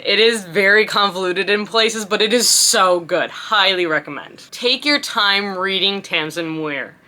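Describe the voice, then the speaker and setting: A woman with a bright, ringing voice runs through her favorite book series in a casual review. She sounds chatty and eager, dropping in the occasional um as she goes. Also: medium pitch. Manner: chatty and enthusiastic, with frequent ums.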